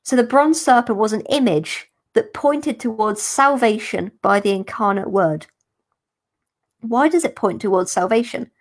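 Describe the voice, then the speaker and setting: A woman, a religious sister, explaining a gospel passage in a careful, unhurried teaching manner for a podcast. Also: a little high. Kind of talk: podcast scripture commentary.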